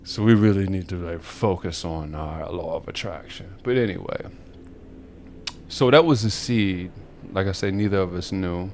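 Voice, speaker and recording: A man with a fairly low voice spins a long, animated story on a podcast. He rambles, circles back and laughs often in easy, casual chat. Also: moderate pace, a little hiss or hum. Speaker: podcast co-host.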